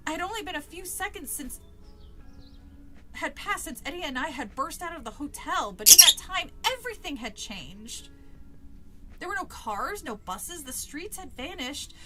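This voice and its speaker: A woman's voice: high-pitched, expressive, measured pace, pushed and bright, soft background music. A woman streamer reading a children's book aloud in a chatty way, swearing, laughing and breaking off to comment. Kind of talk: casual live-stream read-along.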